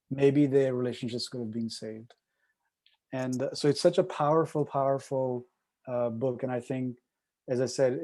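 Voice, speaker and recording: A man's voice: medium pitch, mellow, dry recording. A man speaking earnestly as a guest on a video call panel, often repeating words.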